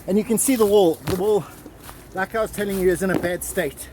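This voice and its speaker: Guy vlogging outside at some ruins, high voice, super excited, keeps saying wow, faint background noise. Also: a little fast. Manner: excitable, keeps exclaiming and repeating himself. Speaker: vlog host exploring ruins. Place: outdoors at old stone ruins in the countryside. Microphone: handheld camera mic.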